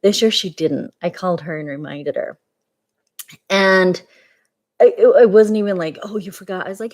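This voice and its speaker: A woman's voice: medium pitch, moderate pace, a little mellow. A woman in her forties talking candidly and tiredly in a personal vlog update, rambling with many fillers and restarts. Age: 40s. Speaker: vlogger.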